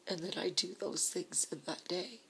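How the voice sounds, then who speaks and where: A woman recording a personal video letter to her husband, speaking softly and intimately, often slipping into a breathy half-whisper and sounding tearful. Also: fairly low pitch, moderate pace, a little hiss or hum, low-quality recording. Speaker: vlogger.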